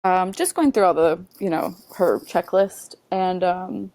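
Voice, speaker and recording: A woman guest on a podcast, telling a personal story in earnest, halting conversation full of "like" and "you know.". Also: lowish voice, darkish tone, dry recording.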